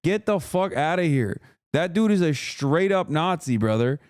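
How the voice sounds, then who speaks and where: Dude ranting on stream, swearing a ton, kinda higher voice, laughs between points. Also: male voice, expressive, normal speed, a little mellow, smooth, no room sound, studio quality. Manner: profane, heated, rambling rant. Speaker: streamer reacting to clips. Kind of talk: casual reaction commentary.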